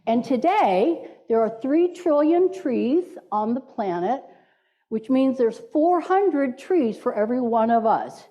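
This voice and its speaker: A woman's voice: on the high side, lively intonation, takes it slowly, dark tone. A woman minister giving a playful sermon in a church, inviting the congregation to repeat words with her. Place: church sanctuary.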